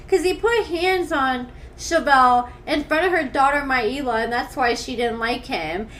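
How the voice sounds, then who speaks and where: A woman's voice: high voice, a bit bright, a little hiss or hum. A woman hosting a gossip commentary channel, reading messages aloud with blunt, sarcastic asides into a desktop studio mic. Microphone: desktop USB studio mic.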